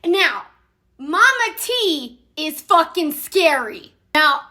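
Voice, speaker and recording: Bright, high-voiced woman telling a story. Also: slow pace. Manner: animated, swearing, laughing through the story. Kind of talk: casual story time.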